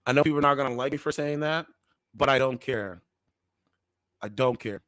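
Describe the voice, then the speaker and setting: A man's voice: mid-range voice, moderate pace, long pauses, a bit bright, no echo. A man hosting a casual commentary channel, reading news articles aloud with slangy asides, stumbling over words and repeating defensive disclaimers.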